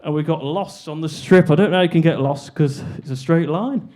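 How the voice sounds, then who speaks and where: A man's voice: on the high side, brisk, dark tone, slight background noise. A young man doing a stand-up comedy set, rambling and self-deprecating, on a club stage with a handheld mic.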